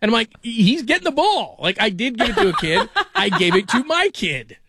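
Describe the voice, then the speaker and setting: A middle-aged man hosting a sports talk show, chatting casually and telling animated stories. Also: high-pitched, brisk, heavy background noise.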